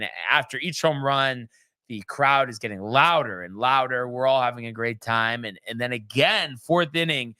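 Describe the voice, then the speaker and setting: A man hosts a sports talk show, his medium-pitched voice bright and forceful with no room sound. He recaps games in a loose, chatty way, full of ums and restarts.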